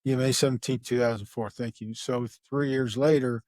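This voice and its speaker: A man's voice: mid-range voice, fairly even intonation, moderate pace, a little mellow, dry recording, studio quality. A middle-aged man, a retired homicide detective, casually recounting a case, rambling with fillers and acting out the dialogue. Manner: rambling, acts out quoted dialogue, many fillers. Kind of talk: casual true-crime storytelling.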